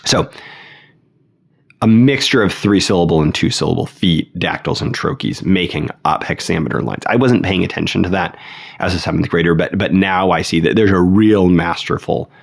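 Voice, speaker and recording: Low, gravelly male teacher; reflective, casual poetry talk with verse read slowly. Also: expressive. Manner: reflective, with many fillers and restarts; reads verse aloud slowly. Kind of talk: casual spoken lesson on poetry.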